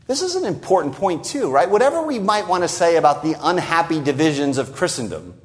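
Guy preaching a sermon, voice a bit high, pushes key words then trails off low. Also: sing-song. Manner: emphatic, rising on key phrases and dropping low at the ends of lines; repeats words for stress and quotes scripture in a slowed voice. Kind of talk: expository sermon.

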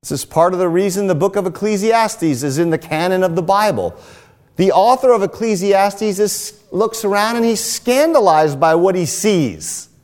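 Older male preacher, high and animated, long hall reverb, emphatic sermon delivery. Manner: emphatic, deliberate, repeats key phrases. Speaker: pastor.

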